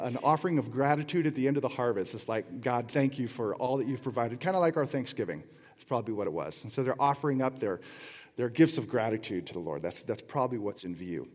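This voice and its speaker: A middle-aged pastor with a medium-pitched, darkish voice preaches a conversational sermon, using rhetorical questions and playful asides. A long hall reverb hangs on the recording.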